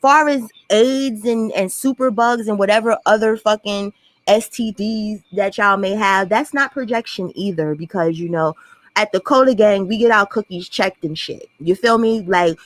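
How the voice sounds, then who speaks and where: A woman vlogger giving blunt, profane reaction commentary in a fast, ranting way. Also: mid-range voice, dry recording.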